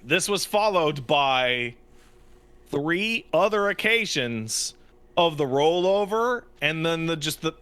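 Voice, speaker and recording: A young adult man co-hosting a podcast in casual chat, an animated storyteller who acts out his quotes. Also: a little high, slow pace, clear, resonant tone. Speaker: podcast co-host. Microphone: studio podcast mic.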